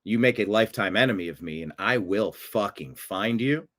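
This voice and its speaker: A man hosting a profane political rant, swinging from low mutters to loud outbursts. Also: expressive, normal speed. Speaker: political commentary host.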